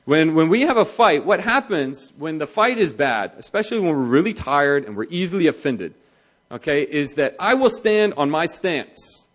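A male pastor preaching in a lively, conversational manner. His voice sits a little high, and his pitch swings widely as he drives his points home and slips into the voices of the people he quotes. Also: moderate pace. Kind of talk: sermon on marriage.

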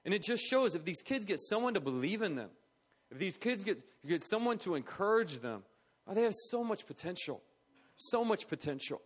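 A middle-aged man with a high, breathy-edged voice tells a personal story at a charity talk, speaking at normal speed and very animated. He sounds earnest and conversational, acting out the voices of people he quotes.

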